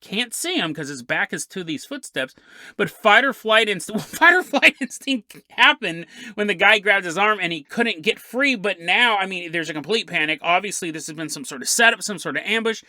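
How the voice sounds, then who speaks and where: A man's voice: high voice, moderate pace, no echo. Guy telling a spooky story on his podcast, jokey and chatty, voice bouncing all over, dry close sound. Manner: animated, joking, conversational. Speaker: podcast host. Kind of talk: casual storytelling narration.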